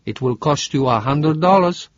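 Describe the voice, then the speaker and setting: A man voicing a wary, businesslike young woman with a soft Italian accent, in an audiobook reading. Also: fairly high pitch, expressive, normal speed, no echo, voice pushed up. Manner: soft, cautious. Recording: dull lo-fi dry recording.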